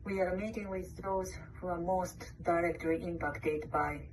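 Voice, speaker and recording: Woman manager, low voice, measured formal delivery, distant noisy call audio. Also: fairly even intonation. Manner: measured, formal, reads prepared wording. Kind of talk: formal scripted statement.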